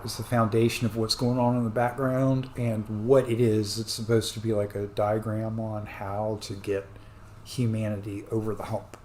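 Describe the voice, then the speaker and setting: Man, commentator, earnest rambling rant with loud bursts, echoey room, faint hiss behind. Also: mid-range voice. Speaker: commentator reacting to news clips. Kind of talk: rambling ranting monologue.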